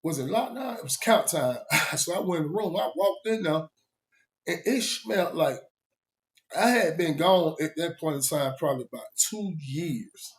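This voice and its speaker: A man telling a casual story, animated and laughing often, his voice jumping high when he quotes himself. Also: normal speed.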